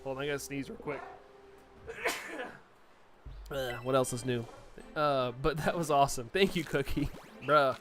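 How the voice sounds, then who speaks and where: A man's voice: mid-range voice, steady tone, moderate pace, pauses often, noisy background. A young man live-streaming, chatting casually and laughing often as he reacts to viewer messages.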